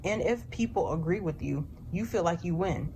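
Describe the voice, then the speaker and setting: Woman host laying out her opinions calmly, lower voice, faint background hum. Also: normal speed. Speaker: commentary host. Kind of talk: opinion commentary.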